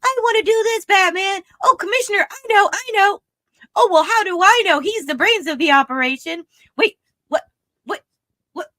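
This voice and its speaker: A woman's voice: lively intonation, moderate pace, pushed and bright, dry recording, heavily acted. A woman voicing a whiny, childish male cartoon imp who pouts and complains. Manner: high whining, pouty.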